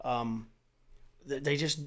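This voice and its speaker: A middle-aged man in casual chat as a podcast guest, swearing freely and getting louder and more animated as he makes his point. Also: medium pitch, slow pace. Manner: animated and profane, swears often, voice rising as he gets worked up.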